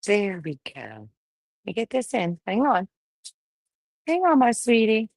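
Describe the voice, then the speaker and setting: A woman's voice: mid-range voice, big pitch swings, measured pace, darkish tone, no room sound. A woman breeding dogs, casually livestreaming while she firmly coaxes a wriggling puppy, talking in a folksy way. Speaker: dog breeder.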